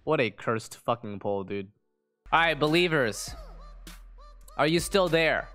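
Exasperated streamer man with a lively swooping pitch. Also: measured pace, faint music behind. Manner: exasperated, swearing, groaning at bad luck. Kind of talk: live gaming stream reaction.

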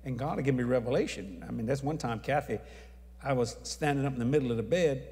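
A man telling a testimony story as an evangelist, acting out the people in it and raising his voice at the high points. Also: fast. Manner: animated, acts out dialogue, shouts at climaxes. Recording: long hall reverb.

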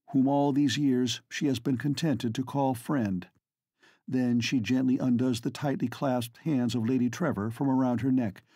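Male audiobook narrator, husky, dry close mic, measured formal delivery. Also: medium pitch, a little mellow, no room sound. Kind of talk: scripted narration.

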